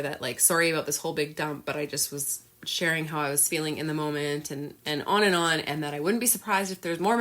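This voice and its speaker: A woman's voice: low voice, a bit bright. Candid woman telling a personal story. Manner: candid, emotional, many fillers. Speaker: podcast host.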